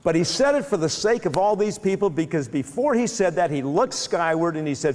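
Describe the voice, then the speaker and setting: A man giving a lecture that retells a Bible story, in a lively storytelling manner with frequent restarts. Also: fairly high pitch, brisk, hardly any pauses, long reverb tail. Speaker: speaker.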